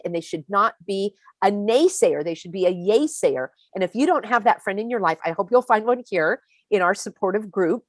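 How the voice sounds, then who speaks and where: A woman hosting a live-stream motivational talk, emphatic and animated, speaking straight to her viewers. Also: mid-range voice, no room sound. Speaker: host.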